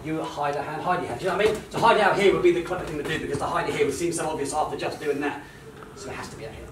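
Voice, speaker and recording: Cheeky, fast-talking stage magician. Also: male voice, fairly high pitch, distant mic, a crowd in the background. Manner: cheeky, teasing banter with volunteers. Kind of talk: live comedy magic show. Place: large indoor hall with an audience. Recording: roomy hall, voice from afar, audience noise.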